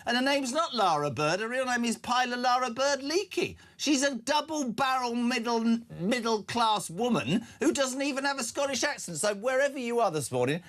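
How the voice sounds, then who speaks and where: A man hosting a live breakfast talk radio show, excitable and chummy, laughing often. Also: extremely high pitch, moderate pace, few pauses.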